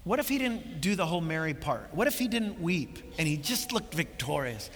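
A man preaching a sermon as pastor, impassioned, building to emphatic peaks and then dropping quiet. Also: a little high, sing-song, moderate pace. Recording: long reverb of a large hall with faint music.

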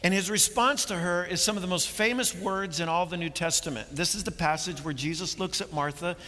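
Bright-voiced preacher in a reverberant hall. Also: male voice, sits high, brisk, a little hiss or hum. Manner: earnest, building to emphatic preaching, repeats words. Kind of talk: sermon.

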